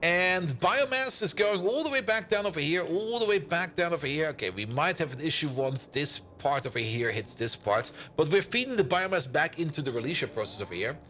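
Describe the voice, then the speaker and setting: A man's voice: on the high side, expressive, fairly quick, hardly any pauses, bright, forceful tone, a little hiss or hum. A young man streaming a game, chatting casually, joking, rambling and laughing often. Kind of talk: casual live-stream chat.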